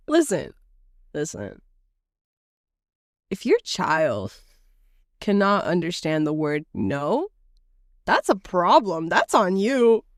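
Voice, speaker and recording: Animated, lively woman podcast host. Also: on the low side, slow, long pauses, no echo, studio quality. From United States. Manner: laughs often, acts out voices in anecdotes. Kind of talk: casual chat, animated storytelling.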